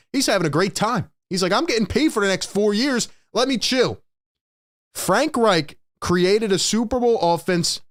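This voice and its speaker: A young man hosting a live postgame show, ranting in an exasperated, emphatic way and repeating lines for effect. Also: fairly high pitch. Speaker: sports show host.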